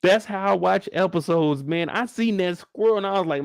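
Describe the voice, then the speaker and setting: A young man hosting a casual livestream recap, animated and profane, often leaping into high exclamations. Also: moderate pace, vocal fry, no room sound, studio quality. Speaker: show host.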